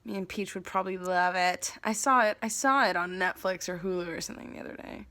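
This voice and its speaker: A woman's voice: mid-range voice, quick pace, few pauses, sharp tone. A young woman vlogging casually to the camera, thinking aloud in a rambling, self-mocking way. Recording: faint background noise.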